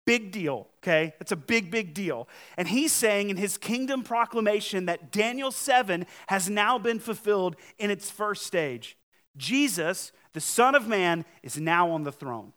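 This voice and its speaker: A pastor's high-pitched, animated voice carries a slightly slow sermon to his congregation. He speaks in a conversational, emphatic way, shifting widely between loud and soft.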